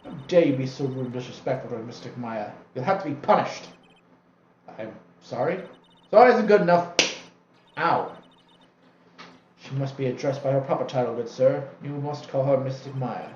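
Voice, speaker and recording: A man's voice: medium pitch, steady tone, moderate pace, pauses often, warm tone, roomy sound, lo-fi sound, slight background noise, close to an everyday voice. A man voicing a haughty, formal older woman who speaks in a prim, old-fashioned way while reading a game's dialogue on stream. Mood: stern. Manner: prim, archaic, overly polite.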